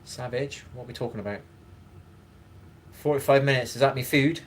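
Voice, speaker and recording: A man's voice: medium pitch, fairly even intonation, normal speed, a little hiss or hum. A man hosting a live stream in casual chat, rambling, swearing and greeting viewers by name.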